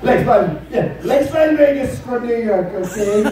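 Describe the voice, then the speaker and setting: Man doing an impression of a boastful older politician, stand-up act, rambling, repeats okay, highish voice, distant, very echoey club. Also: animated, a little slow, noisy background. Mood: boasting.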